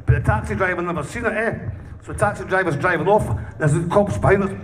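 A man's voice: high voice, fast. A Scottish man, a punk band's singer, tells a rowdy anecdote in an interview, swearing constantly and laughing as he goes. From Scotland. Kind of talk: casual storytelling. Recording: distant mic with faint noise.

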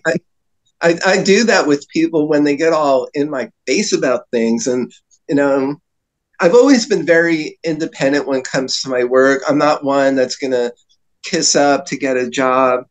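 Guy telling wild stories on a podcast, kinda high voice, does little voices for people. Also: normal speed. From New Jersey. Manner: animated anecdotes, slips into voices for other people. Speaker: guest. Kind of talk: casual storytelling.

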